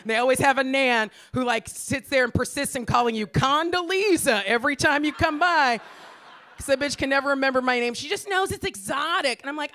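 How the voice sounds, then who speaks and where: An American woman in her forties doing a stand-up comedy set, brash and profane, ranting in exasperation with sudden shouted outbursts. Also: high-pitched, fairly quick. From Los Angeles, US. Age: 40s.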